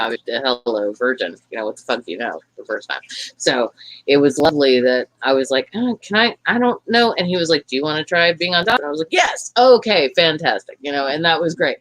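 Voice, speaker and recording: A woman's voice: a bass voice, dry recording, rough recording. A young woman with a Southern American accent, talking frankly and profanely in a rambling casual chat as podcast co-host. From Tennessee.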